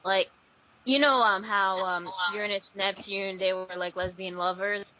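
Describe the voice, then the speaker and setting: A woman's voice: mid-range voice, fairly even intonation, moderate pace. A woman chatting casually in a group, rambling with many fillers. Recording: dull lo-fi recording.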